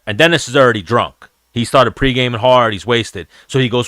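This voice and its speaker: A man with a bright, crisp voice tells stories on his podcast, swearing freely and acting out what other people said. The sound is dry and close, with no room around it. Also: mid-range voice, fairly quick, hardly any pauses, no echo. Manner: profane, animated storyteller acting out quotes. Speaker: podcast host. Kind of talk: casual storytelling chat.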